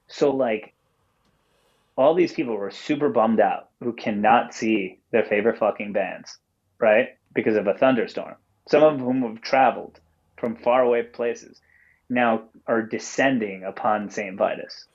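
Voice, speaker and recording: A man's voice: medium pitch, moderate pace, a little mellow. A man calling in as a podcast guest and telling a story casually, rambling with lots of fillers and swearing. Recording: dull call-in audio.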